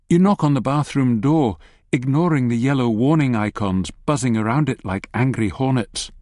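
A man narrating a story in the second person with lively, wry asides, reading from a script. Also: medium pitch, moderate pace, no room sound, studio quality. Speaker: audiobook narrator.

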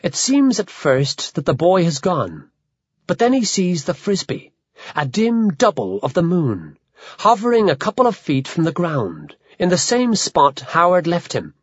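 Expressive audiobook narrator, dry and muffled. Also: medium pitch, breathy edge, no room sound. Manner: measured, expressive storytelling.

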